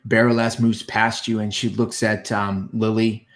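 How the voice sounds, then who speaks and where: A man narrating as game master of a tabletop fantasy game, halting with many fillers. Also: fairly low pitch, level tone.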